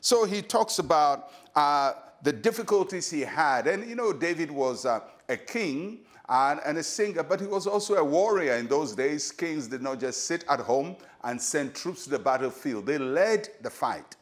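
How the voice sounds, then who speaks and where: An older Ghanaian pastor preaching a short devotional with measured emphasis, leaning hard on key phrases. His voice sits a little higher than most men's. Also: expressive. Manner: measured, emphatic preaching that slows for key lines and leads prayer.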